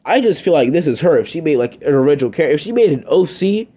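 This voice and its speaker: A man's voice: a little high, very animated, fast talker, mellow, breathy edge, highs cut off. A young man giving a scripted review, ranting in an exasperated, sardonic way.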